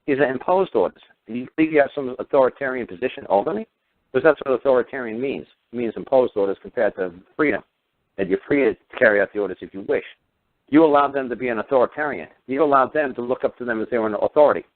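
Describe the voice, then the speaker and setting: Fast-talking man on a tinny phone line. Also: mid-range voice, no room sound. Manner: combative, rapid-fire rhetorical questions, swears. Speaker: radio show talker. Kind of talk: heated call-in radio rant.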